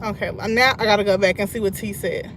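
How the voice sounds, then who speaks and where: A woman, chatting casually to her live-stream viewers from her car in traffic, greeting them by name and breaking into loud laughs. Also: medium pitch, fairly even intonation, quick pace. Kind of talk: casual live-stream chat while driving. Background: faint road and traffic noise.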